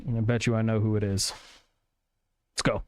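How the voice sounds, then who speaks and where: A man's voice: on the low side, level tone, moderate pace. A man playing a tabletop game, talking bluntly and swearing freely. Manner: blunt, profane, determined. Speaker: player. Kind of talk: casual tabletop role-play.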